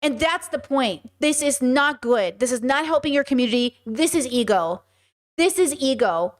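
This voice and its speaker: A woman's voice: high-pitched, lively intonation, normal speed. Blunt, profane woman streamer. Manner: blunt, profane, repeats herself for emphasis. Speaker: host. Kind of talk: live-stream commentary.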